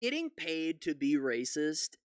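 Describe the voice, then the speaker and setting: A man's voice: on the high side, big pitch swings, a little slow, smooth, no echo, clean studio sound. A man giving reaction commentary on a news clip, ranting with profanity and incredulous outbursts. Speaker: political commentary YouTuber.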